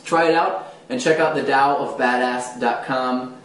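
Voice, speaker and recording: A man of middle pitch talks through dating advice in a relaxed, conversational way, earnest and direct like a coach. His voice sits back from the mic and rings a little in the room. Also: unhurried. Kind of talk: casual spoken advice to camera. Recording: roomy sound from a distant mic.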